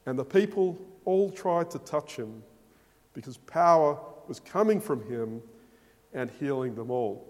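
Slow, emphatic preacher in a reverberant hall. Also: male voice, mid-range voice, animated. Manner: slow, emphatic, rhetorical questions. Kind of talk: sermon.

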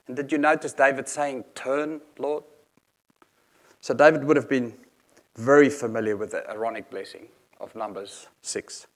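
A man's voice: mid-range voice, steady tone, normal speed. A man preaching a sermon in an earnest, explanatory manner, reading scripture aloud and unpacking each verse.

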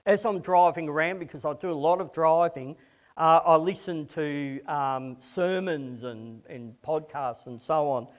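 A man's voice: a little high, a little slow. A man preaching a conversational sermon to a congregation, often repeating words as he starts a phrase.

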